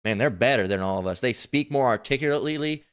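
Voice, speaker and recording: A man preaching in a rambling, coarse way, cursing freely as he comments on a clip. His voice sits at an ordinary middle pitch. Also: lively intonation, fast talker, clean tone. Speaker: religious commentator. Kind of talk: preaching commentary over a played video.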